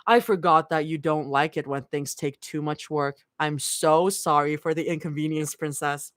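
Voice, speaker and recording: A woman's voice: deep voice, fairly even intonation, normal speed, dry recording, studio quality, pitched below the performer's own voice, close to an everyday voice. A woman putting on a sneering, bitter young woman. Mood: sarcastic. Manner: sneering, cutting.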